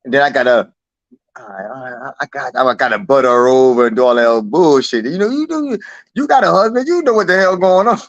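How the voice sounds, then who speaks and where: A man's voice: mid-range voice, a little fast, no room sound, highs cut off. A man guest in a casual, profane chat who acts out quotes in a raised voice. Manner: animated, swears a lot, acts out quotes in a raised voice. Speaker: interview guest.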